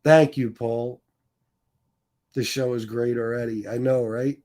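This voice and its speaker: A man's voice: medium pitch, fairly even intonation, measured pace, darkish tone. Combative, foul-mouthed male streamer. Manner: combative, taunting, swears heavily. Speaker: livestream host. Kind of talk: profane livestream rant.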